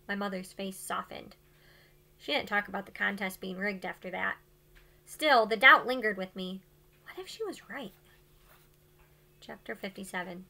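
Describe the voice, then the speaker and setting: A woman teacher reading chapters of a novel aloud to her students with expressive, dramatic delivery. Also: mid-range voice, normal speed, creaky, long pauses.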